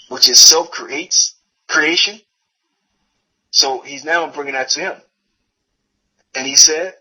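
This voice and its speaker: A man's voice: mid-range voice, pushed and bright, breathy edge, low-quality recording. A man giving a religious lecture, reading a text aloud and translating it, often repeating and correcting himself. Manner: halting, self-correcting, repeats phrases while translating.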